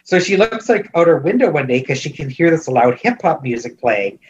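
Recapping a film for his podcast, this man talks a bit fast in a slightly high, sing-song voice, meandering through fillers and false starts with amused disbelief. Audio is muffled and carries a faint hiss or hum.

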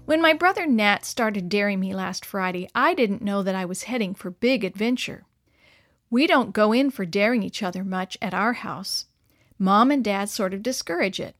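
A woman reading a story aloud to children in a cheerful, expressive storybook manner. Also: mid-range voice, normal speed, dry recording, studio quality.

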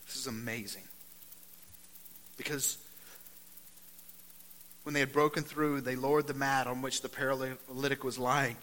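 A man preaching a conversational sermon. He keeps saying "man" and "right?", drops to a quiet, earnest tone, then turns loud and animated when he reads scripture. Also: medium pitch, in a large hall, slight background noise. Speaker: pastor.

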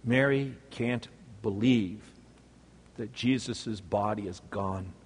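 A male preacher telling a story in a sermon, swinging between loud exclamations and hushed, near-whispered lines. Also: lowish voice, takes it slowly, breathy edge, long reverb tail.

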